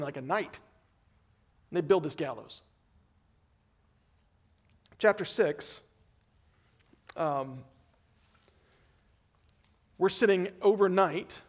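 Male pastor, high voice, relaxed storytelling sermon, plays the parts as he goes. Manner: conversational storytelling, acting out voices.

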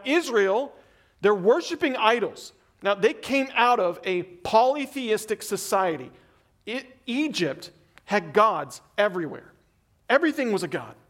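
A male preacher with a high-pitched voice gives an earnest sermon. He pushes some lines out emphatically, then drops almost to a murmur on others.

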